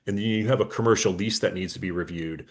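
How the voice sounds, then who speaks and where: A man's voice: deep voice, fast talker. A man, an attorney, giving a conversational business webinar, telling client stories and acting out their dialogue with frequent fillers. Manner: anecdotal, acts out client dialogue, many fillers.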